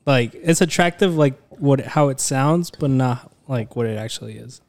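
A man's voice: medium pitch, moderate pace, a little mellow. A young man chatting casually with friends, laughing often and switching between English and Spanish.

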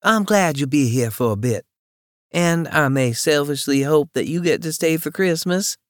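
A man performs a friendly, teasing young woman who gossips bluntly and freely in a chatty mood. He pitches slightly high, above his own voice yet close to an everyday one, with lively intonation at normal speed, in a dry, clean studio recording.

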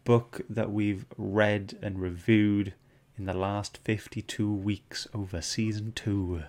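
A man's voice: on the low side, little pitch movement, slow, darkish tone. A man hosting a casual podcast chat, reading out viewer comments and joking with his co-hosts. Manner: chatty, reads out viewer comments. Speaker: host.

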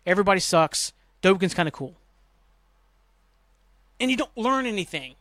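A man with a somewhat high voice talks through a TV episode on his podcast in a loose, rambling way. He swears freely and grumbles about plot holes. The sound is dry and close. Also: animated, moderate pace, a bit bright, dry recording. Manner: rambling, profane, exasperated griping. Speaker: podcast host. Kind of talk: casual TV episode recap.

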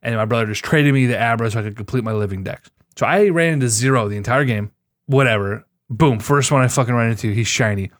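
A man in casual gaming chat, telling excitable, profane stories about his catches. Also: mid-range voice, fast talker, no room sound, clean studio sound.

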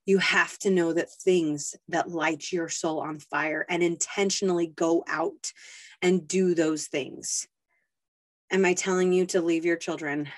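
A young woman hosting a talk, speaking to mothers in a casual motivational monologue, earnest and pleading, acting out quoted inner voices. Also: sits low. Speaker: podcast host speaking to mothers.

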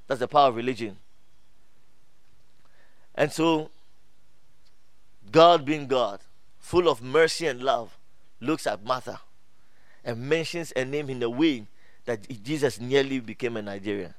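A male pastor preaching an animated sermon, laughing often and calling out to the congregation. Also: medium pitch, unhurried, long pauses, no echo. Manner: laughs often, many restarts and fillers.

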